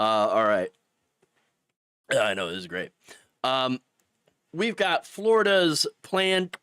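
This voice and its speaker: A man hosting a live-stream political show through a bout of hiccups. His pitch swings widely, and the sound is dry and close. He talks casually, laughs at himself and often stops to restart. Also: bright, forceful tone, dry recording. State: has the hiccups. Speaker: political commentary host.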